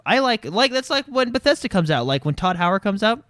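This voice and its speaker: A man co-hosting a casual gaming podcast, talking haltingly and stopping to rephrase. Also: sits high, very animated, a bit bright, no room sound, studio quality. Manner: halting, many fillers and restarts. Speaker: podcast co-host.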